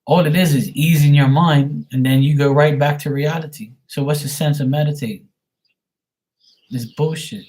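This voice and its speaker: A tarot reader on a live stream rants bluntly and profanely at his viewers in a casual way. His voice is medium in pitch with a darkish tone.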